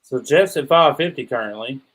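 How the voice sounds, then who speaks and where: A man's voice: medium pitch, lively intonation, normal speed. A male co-host on a live stream, giving brief updates and agreeable asides. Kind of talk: casual live-stream chat.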